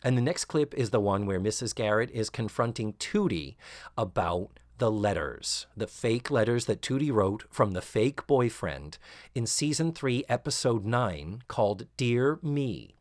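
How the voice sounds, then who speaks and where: A man hosting a podcast, recapping a sitcom episode casually and sarcastically, acting out quoted lines in higher voices. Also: measured pace, no echo, clean studio sound. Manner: animated, sarcastic, acts out quotes with rising shrieks. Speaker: podcast host.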